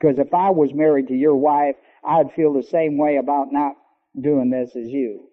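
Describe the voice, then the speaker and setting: A man preaching a sermon, teaching emphatically and slowing down to stress key words. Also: mid-range voice, fairly even intonation. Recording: long hall reverb, dull lo-fi sound.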